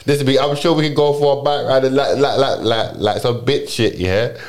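A man's voice: medium pitch, fairly even intonation, brisk. A young man with a London accent tells a story in loose, casual chat. He leans on slang and keeps restarting his sentences. The delivery is rambling and unpolished.

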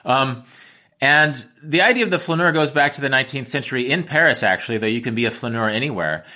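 Man, American accent, travel writer, bright tense tone, reflective interview talk, frequent restarts. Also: medium pitch, expressive, fast talker. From United States. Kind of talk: interview answers.

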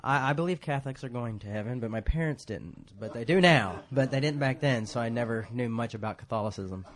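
A man's voice: mid-range voice, a little fast. A man preaching a casual, rambling sermon in a church, joking at his own expense and laughing often. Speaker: pastor.

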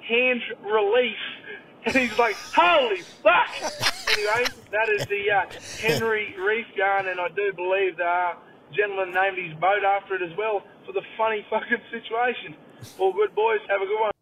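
An Australian man phoning in a rowdy, swear-heavy yarn as a voice message from his car, doing squeaky voices for the people in it. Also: level tone, brisk, crowd noise. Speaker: caller. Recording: lo-fi distant voice note from a car.

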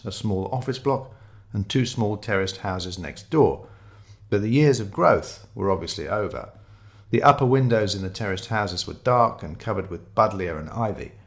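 A man reading a first-person mystery story aloud, descriptive and wry in his storytelling. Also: lowish voice. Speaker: narrator.

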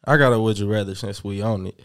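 A man's voice: fairly low pitch, fast talker. A man co-hosting a podcast, chatting casually and running a quiz with hype. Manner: animated, profane, hypes the segment. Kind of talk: casual chat.

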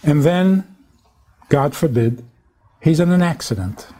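A man's voice: fairly high pitch, animated, slow pace, warm tone, slightly rough. A man, a rabbi giving a humorous lecture on relationships, who tells stories, acts out little dialogues and slips in wry jokes.

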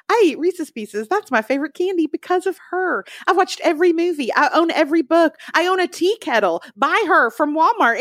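A woman in her forties co-hosting a casual pop-culture podcast, talking in an animated, gushing way with quick asides. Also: high voice, no room sound, studio quality. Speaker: podcast co-host.

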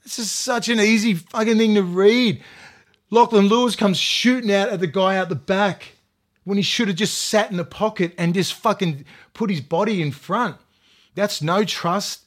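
A man's voice: sits high, normal speed. A man, a former rugby league player, ranting heatedly and profanely in casual podcast chat with lots of fillers.

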